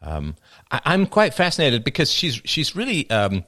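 Lively joking male streamer. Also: medium pitch, normal speed. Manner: dry joking, wry asides. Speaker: livestream host. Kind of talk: casual chat reading viewer comments.

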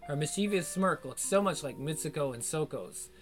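A man narrating an audiobook in a steady storytelling read. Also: on the high side, normal speed. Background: faint guitar music.

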